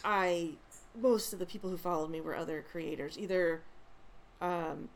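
A woman's voice: lowish voice, normal speed, a little hiss or hum. A woman writer chatting casually on a podcast, playful and teasing. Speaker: writer and voice performer.

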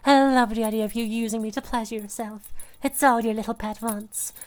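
A young woman voicing a submissive, adoring catgirl pet in an intimate audio role-play, breathy and pleading. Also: a little high, steady tone, fairly quick, natural voice. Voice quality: breathy, sighing. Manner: pleading, devoted.

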